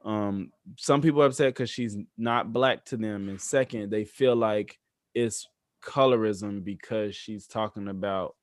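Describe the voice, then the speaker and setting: A man's voice: fairly low pitch, measured pace, no room sound. Laid-back young man, dry close sound. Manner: laid-back, reflective, explains at length. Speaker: podcast co-host. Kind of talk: casual chat.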